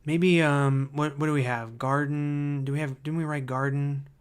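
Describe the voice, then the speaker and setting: A man hosting a livestream who reads viewer comments aloud and thinks out loud, hesitant and full of fillers, easily excited by ideas. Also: a little high, moderate pace, clean tone. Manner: enthusiastic about ideas. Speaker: livestream host.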